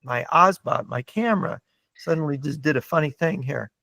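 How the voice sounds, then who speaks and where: A man's voice: fairly high pitch, moderate pace, creaky, pushed and bright, no echo. A man who is a guest on a podcast, debating in a lecturing way and often checking in with "right?". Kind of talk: debate-style conversation.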